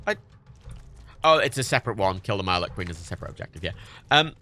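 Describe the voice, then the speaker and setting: A man chatting casually while streaming a video game, swearing freely and jumping high in pitch when indignant. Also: sing-song, fast, bright, forceful tone. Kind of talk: casual gaming stream chat.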